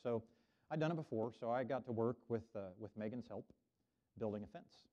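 A touch fast, mid-range and dark-toned, this middle-aged Oklahoma minister offers a friendly children's sermon where the kids repeat his words. The audio is a dull, lo-fi recording made in the church sanctuary.

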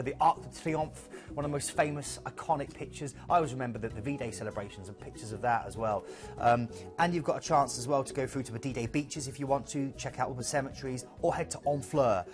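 A man hosts a live TV cruise sales show. He rattles through the ports quickly and with enthusiasm. Music plays clearly behind him. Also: mid-range voice. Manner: enthusiastic, rambling travel descriptions.

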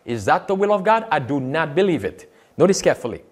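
A man's voice: a little high, sing-song, fast talker. A man, a pastor, giving emphatic sermon-style commentary on video clips, repeating quotes and firing rhetorical questions.

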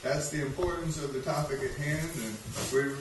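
A man's voice: fairly high pitch, normal speed. A man hosting an event, introducing a speaker in a rambling way with many restarts. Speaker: event host. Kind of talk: casual introduction. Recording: very echoey room from far off, background noise.

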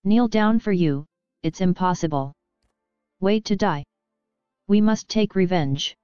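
A woman reading as an outraged, defiant male warrior roars in shame at his kneeling comrades. The voice is low for a woman and very clean, set against a dull, lo-fi sound with a faint music bed behind it. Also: measured pace, dark tone, clean tone, dry recording, close to an everyday voice. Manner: roaring, indignant.

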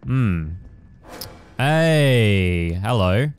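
Low, smooth-voiced young man gaming. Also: fairly even intonation, a little slow, a little mellow. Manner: rambling with many fillers and casual swearing. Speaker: gaming channel host. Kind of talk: casual let's-play commentary.

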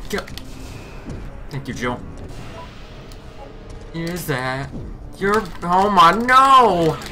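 Excitable young-sounding man gaming. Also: high voice, extremely slow. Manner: excitable, yelps and shouts at the game; mild swearing substitutes. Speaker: gamer. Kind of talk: let's play commentary. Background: faint music.

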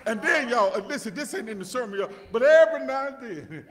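A male pastor preaching a sermon, restarting words in stammering repeats and rising to shouts as he calls out to his congregation. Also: very high-pitched, animated, quick pace. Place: church sanctuary. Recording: long reverb of a church hall.

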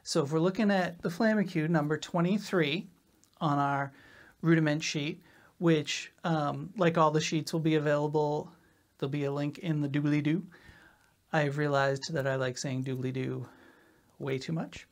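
A woman drum teacher explaining rudiments in a relaxed, casual way, often checking in with "right?". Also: deep voice, moderate pace. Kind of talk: casual instructional talk.

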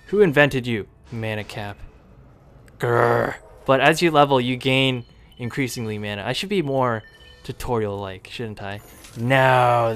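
Chatty man narrating his gameplay. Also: medium pitch. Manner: chatty, talks to the game units, sudden excited outbursts. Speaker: gaming video creator. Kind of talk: casual gameplay commentary.

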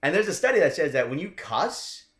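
A man's voice: a little high, sing-song, brisk, fairly bright tone. A man who coaches dating, talking casually as an interview guest and checking in with the listener as he explains. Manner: chatty, keeps checking in with "right?". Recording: roomy echoing room.

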